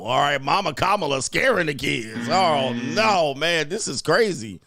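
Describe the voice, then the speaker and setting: A man hosting a reaction stream, commenting in a brash, mocking way with a steady "all right.". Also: fairly high pitch, a little slow, vocal fry, crowd noise. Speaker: host.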